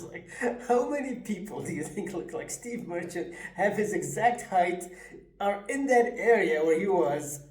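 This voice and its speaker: Giggly reaction commentator in echoey room. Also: medium pitch. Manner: laughing, excitable asides. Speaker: reaction video creator.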